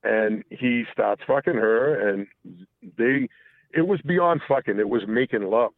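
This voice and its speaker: Low gravelly man over a tinny phone line. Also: dry recording. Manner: halting, full of restarts and profanity. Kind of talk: casual confessional storytelling.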